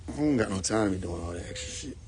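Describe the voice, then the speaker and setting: A man's voice: on the low side, expressive, very fast, darkish tone, slight background noise. A man telling comic stories on a live stream, acting out both sides of the dialogue and laughing often. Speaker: livestream host. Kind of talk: casual storytelling on a live stream. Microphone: phone.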